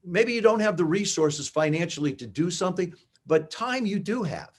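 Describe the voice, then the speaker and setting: Older man telling animated stories. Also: high-pitched, moderate pace, breathy edge. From New Jersey, US. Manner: animated anecdotes with acted-out dialogue. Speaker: interview guest. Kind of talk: conversational storytelling.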